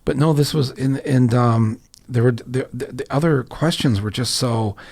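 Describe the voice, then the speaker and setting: This is a man in his sixties hosting a relaxed podcast conversation. He tells stories in a loose, rambling way, circling back with restarts and fillers and dropping jokey asides as he goes. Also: mid-range voice, moderate pace, creaky. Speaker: podcast host. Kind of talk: casual conversation.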